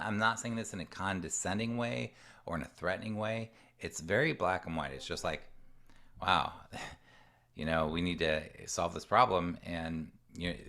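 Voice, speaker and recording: Deep-voiced man coaching parents. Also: sharp tone. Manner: earnest and conversational, acts out parent and child voices. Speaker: executive function coach presenting to parents. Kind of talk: online presentation with Q&A. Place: home room with a door.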